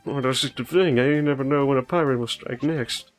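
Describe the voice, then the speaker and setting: A man's voice: medium pitch, fairly even intonation, fairly quick, lightly acted. A jovial, drawling older man, as a man puts him on, full of folksy cheer. Faint game music runs behind.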